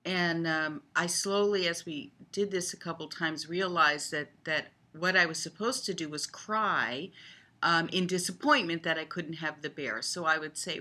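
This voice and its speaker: An older woman talking casually to camera on a video blog, in an unhurried, thoughtful way with frequent ums. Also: low voice, sharp tone. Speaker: video blogger on child development.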